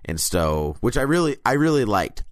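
A man's voice: mid-range voice, big pitch swings, normal speed, no echo, studio quality. A man co-hosting a podcast, chatting casually and slipping into silly character voices. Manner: jokey, does silly character voices mid-story. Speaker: podcast co-host. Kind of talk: casual chat recapping a TV episode.

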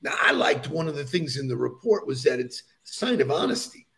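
A man's voice: a little high, lively intonation, brisk, gravelly, a bit bright. A man co-hosting a podcast, enthusiastic and leading the topics in casual chat, chuckling between points. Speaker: podcast co-host.

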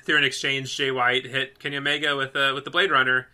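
A man co-hosting a podcast in casual chat, excitable and gushing, peppering his talk with "like" and swearing freely. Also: mid-range voice, fast. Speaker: podcast co-host.

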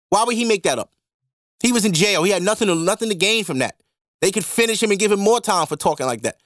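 Podcast host, male, high-pitched, animated profane rant, dry close sound. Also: dry recording. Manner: animated, profane ranting with swings into loud mock outbursts. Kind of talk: casual monologue.

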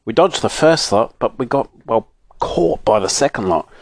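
A man reading a storybook aloud, voicing a practical, sometimes cross schoolboy in a brisk, sensible way. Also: medium pitch, lively intonation, no room sound, studio quality, close to an everyday voice.

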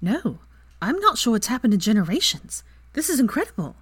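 A woman voicing a gentle, excited young witch in a story reading. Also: on the high side, fairly quick, husky, no room sound, pitched above the performer's own voice, heavily acted. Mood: awed.

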